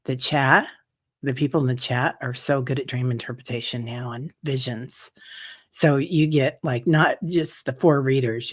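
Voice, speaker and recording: Woman, meditation host, casual livestream chat, gentle, chatty, slightly teary, streaming from home. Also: a bass voice. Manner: chatty and gentle, greeting viewers by name with frequent laughs. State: teary-eyed.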